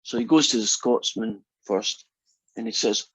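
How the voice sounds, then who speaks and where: A male instructor lecturing to a class in a chatty, joking way. His voice is a little husky, and the recording sounds dry and dull, like lo-fi classroom audio. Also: fairly low pitch, fairly quick, no room sound. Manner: chatty, tells jokes with asides. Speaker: math instructor.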